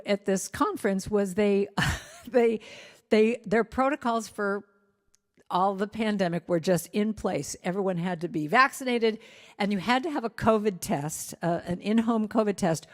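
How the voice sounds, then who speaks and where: A woman's voice: medium pitch, long reverb tail. A woman guest speaker and singer telling a candid, self-deprecating personal story to a spiritual gathering. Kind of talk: sermon-style personal story. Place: spiritual center hall.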